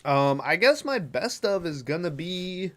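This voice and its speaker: A man's voice: sits high, animated, a little slow. A man hosting a podcast, giving a rambling, casual movie recap full of fillers and restarts. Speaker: podcast host.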